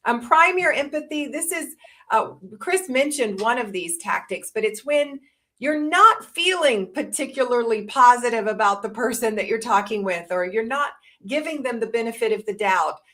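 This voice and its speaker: A woman's voice: fairly high pitch, lively intonation, moderate pace, pushed and bright. A woman in her fifties presenting a listening course, explaining tips in a casual webinar talk and acting out example lines.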